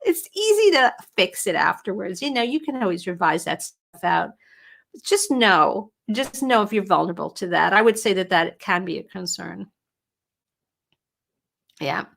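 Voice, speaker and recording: A middle-aged woman hosting a casual livestream from home as a writing coach, talking in a chatty, animated way and answering viewer questions. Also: medium pitch, normal speed, creaky. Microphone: webcam or computer mic at home.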